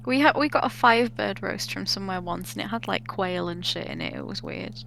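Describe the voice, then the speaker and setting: A woman's voice: medium pitch, wildly swooping pitch, a little fast, gravelly, fairly bright tone, slight background noise. A woman chatting as a contestant on a live show, making bemused, blunt asides. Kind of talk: casual banter on a live show.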